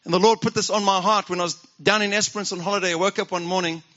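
A man's voice: high-pitched, steady tone, rapid-fire, pushed and bright, highs cut off. A man preaching a sermon as pastor, talking conversationally and asking the congregation questions.

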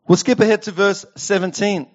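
A pastor preaching a sermon, reading scripture and talking it over conversationally with rhetorical questions. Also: male voice, high voice, fairly even intonation, moderate pace, darkish tone. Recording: dull lo-fi sound.

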